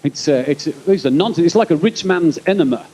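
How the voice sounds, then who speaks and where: A man in his forties with a Birmingham accent doing live stand-up at an outdoor concert. He chats and rambles to the audience, with quick punchlines. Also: fairly high pitch, lively intonation, warm tone, husky, low-quality recording. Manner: chatty, rambling asides to the crowd, quick punchlines. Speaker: stand-up comedian and concert compere. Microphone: stage microphone over a PA.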